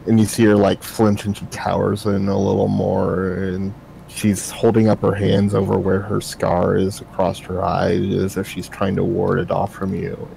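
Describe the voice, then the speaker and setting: A man's voice: low voice, monotone, normal speed, gravelly, warm tone, slight background noise, poor audio. A man narrating as the game master of a tabletop role-playing game, setting scenes in descriptive detail.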